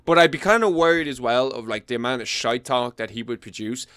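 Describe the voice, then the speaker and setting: A man's voice: medium pitch, brisk, a bit bright, smooth, dry recording, studio quality. A young man giving blunt, profane, casual commentary as host.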